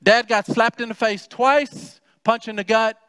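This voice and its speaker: A male pastor with a high voice, preaching in a church sanctuary. He talks in a conversational way, asking the congregation questions and acting out quotes. The voice sits close and dry on the mic, with a long reverb trailing behind. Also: steady tone, measured pace, pushed and bright, clear, resonant tone. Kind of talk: sermon.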